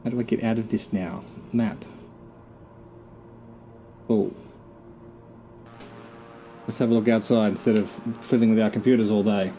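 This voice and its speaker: A man's voice: on the low side, steady tone, a little slow, long pauses, mellow, soft background music. A middle-aged Australian man giving casual gameplay commentary, muttering to himself with dry, self-mocking jokes. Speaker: gamer.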